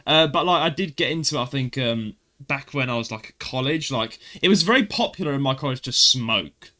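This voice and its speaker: A man with a London accent hosting a casual chat, an animated storyteller who laughs often and acts out bits of dialogue. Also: mid-range voice, fairly quick. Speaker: podcast host.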